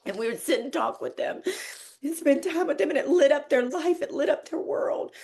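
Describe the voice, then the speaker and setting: A woman's voice: sits high, lively intonation, a little slow, darkish tone. Teary woman hosting a podcast. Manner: heartfelt, laughs and tears up while telling. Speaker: podcast host. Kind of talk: emotional storytelling monologue.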